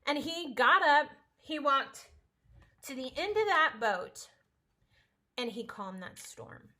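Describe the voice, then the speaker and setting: A woman's voice: a little high, sharp tone. A woman teaching a casual home-school science lesson, chatty, playful and encouraging.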